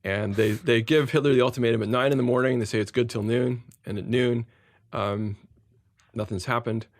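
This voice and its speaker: A middle-aged man, a historian guest, explaining at length in a measured way, often repeating words as he thinks. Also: medium pitch, fairly even intonation, no room sound, clean studio sound. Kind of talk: explanatory interview answers.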